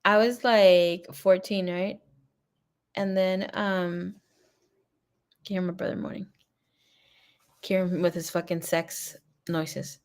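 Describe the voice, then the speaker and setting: A woman's voice: lowish voice, fairly even intonation, slow, long pauses. A woman tarot reader chatting casually on a livestream, telling rambling stories full of swearing and laughter. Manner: chatty, profane storytelling; laughs often.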